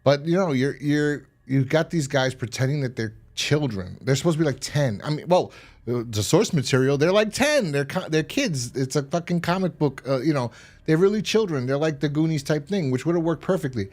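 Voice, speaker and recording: A man's voice: lively intonation, a little fast, darkish tone. A young man hosting a casual podcast review, rambling and swearing, acting out scenes. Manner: rambling, profane, acts out scenes in high voices. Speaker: podcast host.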